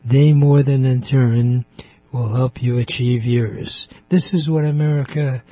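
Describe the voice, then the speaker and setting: A man hosting a radio interview show, talking slowly in a chatty way and laughing often. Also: medium pitch, fairly even intonation, warm tone, dry recording. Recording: muffled radio broadcast.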